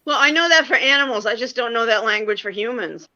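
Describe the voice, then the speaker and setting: A woman's voice: on the high side, quick pace, bright, forceful tone, dry recording, lo-fi sound. A woman joining a live stream as a guest, chatting casually and joking about herself. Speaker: guest caller.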